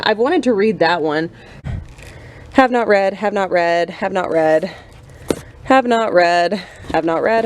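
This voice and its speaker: A woman's voice: lowish voice, a little hiss or hum. Chatty self-mocking young woman vlogger. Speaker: book vlogger. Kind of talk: casual chat to camera. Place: home room with bookshelves. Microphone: camera mic.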